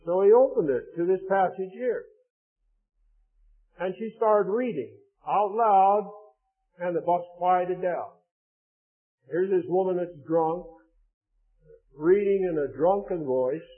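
A man preaching a sermon in a solemn, measured way, reading scripture aloud between his own remarks. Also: high-pitched. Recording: tinny phone-like lo-fi recording.

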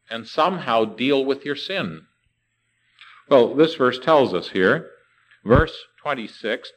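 Male preacher, sermon delivery, animated pitch, rhetorical questions. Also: rough recording. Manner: rhetorical questions, slows down to stress words.

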